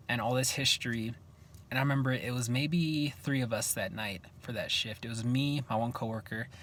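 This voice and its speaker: A young man vlogging, telling stories in a casual, animated way and acting out what each person said. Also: medium pitch, a little hiss or hum. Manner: animated, acts out what people said. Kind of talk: casual storytelling to camera.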